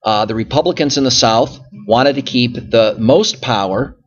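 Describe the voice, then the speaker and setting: A man's voice: medium pitch, moderate pace, highs cut off. A male history teacher lecturing through slides, explaining patiently and often circling back with "so again" and "okay?". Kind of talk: recorded classroom lecture over slides.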